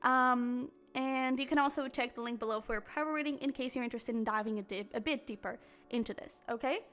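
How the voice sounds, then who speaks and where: A woman's voice: fairly high pitch, brisk, a bit bright. A woman doing a casual tarot reading to camera, talking in a rambling way full of fillers and restarts. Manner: chatty, lots of fillers and restarts. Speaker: tarot reader.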